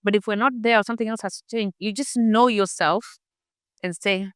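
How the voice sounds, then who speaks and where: A woman's voice: mid-range voice, fairly even intonation, moderate pace, clean tone, dry recording, studio quality. A middle-aged woman, the guest expert in an interview, explaining health topics with everyday examples and acted-out inner thoughts. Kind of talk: conversational interview.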